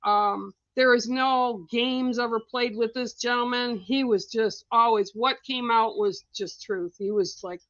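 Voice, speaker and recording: Middle-aged woman, psychic reader host; blunt, chatty, a bit high-pitched, dry dull stream audio. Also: steady tone, a little slow, hardly any pauses, fairly bright tone, no echo. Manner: blunt, chatty, laughs often. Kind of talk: casual livestream reading.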